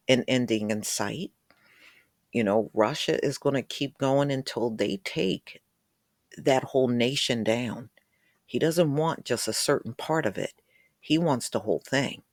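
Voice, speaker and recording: A man's voice: medium pitch, darkish tone, no room sound, studio quality. A man talking straight to his viewers in casual news commentary, voicing opinions and speculating about what comes next.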